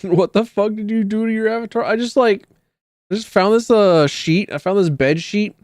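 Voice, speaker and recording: A man's voice: high voice, normal speed, darkish tone, dry recording, studio quality. A man streaming a video game live, chatting casually with viewers, joking, swearing freely and reading in-game documents aloud.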